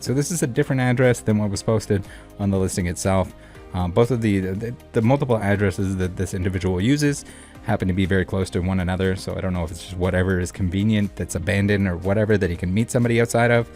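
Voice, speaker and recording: Brief: male channel host, lowish voice, casual rambling commentary, faint music underneath. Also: quick pace, hardly any pauses, darkish tone. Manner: rambling, filler-heavy, blunt.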